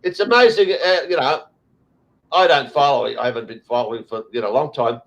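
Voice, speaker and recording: A man's voice: mid-range voice, brisk, fairly bright tone, rough recording. An Australian man hosting a casual chat, ranting bluntly with lots of swearing and fillers. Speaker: host.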